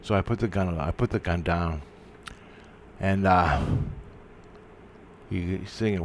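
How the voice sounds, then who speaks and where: A man's voice: low-pitched, slight background noise. A man telling a personal spiritual story in a casual monologue, swearing and stopping to restart his sentences. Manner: profane, halting, restarts often. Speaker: vlogger.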